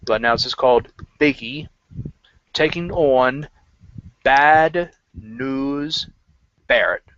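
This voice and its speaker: A man's voice: medium pitch, a bit bright. A man giving casual predictions about wrestling matches in a rambling way, full of fillers and self-corrections. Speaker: wrestling pundit. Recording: dull lo-fi recording.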